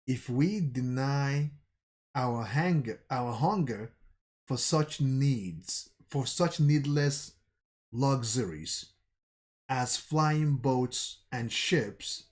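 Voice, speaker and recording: A man voicing a cold, threatening young male soldier, reading slowly and deliberately from a manga. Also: mid-range voice. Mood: menacing.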